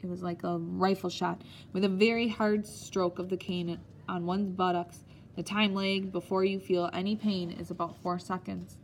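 A woman narrating an audiobook in a steady, measured storytelling manner. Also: fairly low pitch, slight background noise.

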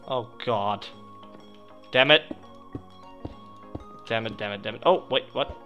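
A young man commentating a video game he is playing, chatting to viewers and yelping loudly whenever something goes wrong. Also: mid-range voice, takes it slowly, pauses often, faint music behind. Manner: excitable, yelps and shrieks when startled. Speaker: gaming channel host. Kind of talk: let's play commentary.

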